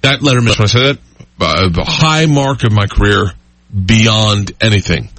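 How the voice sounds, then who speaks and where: A man guesting on a podcast, telling rambling, excitable stories with frequent laughter in casual chat. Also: fairly low pitch, normal speed, dry recording. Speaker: comedian guest.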